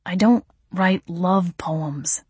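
A woman's voice: fairly low pitch, steady tone, brisk, darkish tone, dry recording, natural voice. A woman voicing an old-fashioned male vampire lover, bemused and soothing. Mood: dry.

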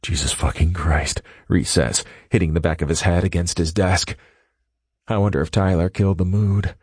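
In a very low voice, a man narrates a first-person audiobook at a steady, measured pace. The sound is dry and close-miked, with no room sound at all.

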